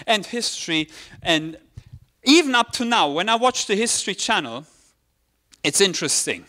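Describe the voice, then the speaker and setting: A man's voice: high-pitched, expressive, normal speed, long pauses, pushed and bright. A man in his forties from Germany with a German accent over British English, preaching a personal, conversational sermon with self-deprecating asides. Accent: German, with British English layered on. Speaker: pastor.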